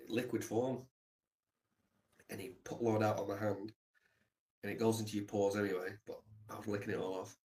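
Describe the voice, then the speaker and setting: A man on a livestream telling a long story in a reflective, rambling way, swearing casually. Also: fairly low pitch.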